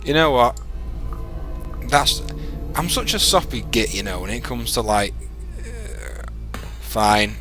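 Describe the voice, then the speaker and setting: A man's voice: medium pitch, very animated, slow pace, pauses often. A man giving casual, chatty let's-play commentary, exasperated and self-mocking, with game music behind him.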